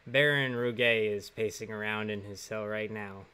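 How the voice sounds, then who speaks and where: A man's voice: on the low side, fairly even intonation, moderate pace, bright, forceful tone, clean tone. A man voicing a blunt, mocking jail guard in a game, in a near-everyday voice.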